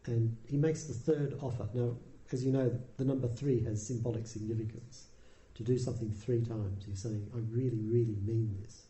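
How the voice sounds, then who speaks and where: A man giving a Buddhist dharma talk, telling the story in a relaxed, conversational way with dry humour. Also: mid-range voice, moderate pace, hardly any pauses. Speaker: dharma teacher. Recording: roomy echo.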